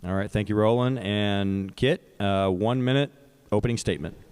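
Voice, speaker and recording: A man hosting a live broadcast debate, talking in a relaxed, loose way with many uh fillers. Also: on the low side, moderate pace, smooth. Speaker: host. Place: winery event space.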